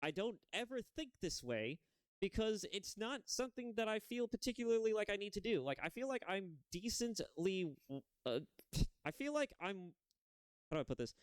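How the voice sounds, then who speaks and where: A man's voice: sits high, big pitch swings, normal speed, smooth, dry recording. A man hosting a reaction video, talking in a rambling way full of restarts and self-corrections. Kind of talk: casual video commentary.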